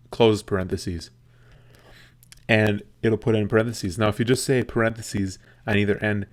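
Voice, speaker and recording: A young man casually explaining a tutorial step by step, slowing down when he dictates punctuation aloud. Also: lowish voice. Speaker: tech video host. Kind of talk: screen tutorial with dictation demo.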